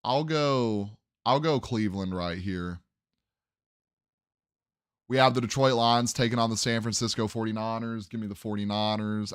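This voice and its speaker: A man's voice: fairly low pitch, moderate pace, clean tone, no room sound, clean studio sound. A young man hosting a sports podcast, casually running through game predictions and thinking aloud as he second-guesses his picks.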